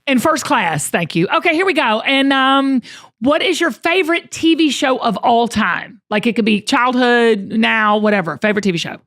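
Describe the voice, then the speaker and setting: A woman's voice: a little high, expressive, a bit bright, dry recording, studio quality. Bubbly Southern woman hosting a talk show. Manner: bubbly, exclaiming, quick questions. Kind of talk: casual interview chat.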